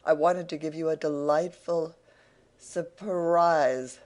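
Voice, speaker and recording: A man's voice: a little high, steady tone, a little slow, gravelly, darkish tone. A man reading an audiobook, voicing a sly, pompous older man with a florid, ingratiating, theatrical delivery. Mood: affable, scheming.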